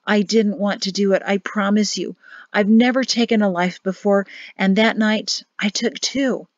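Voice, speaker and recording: A woman voicing a grim but apologetic male guard who speaks low and earnestly. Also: fairly even intonation, normal speed, no echo, highs cut off, natural voice.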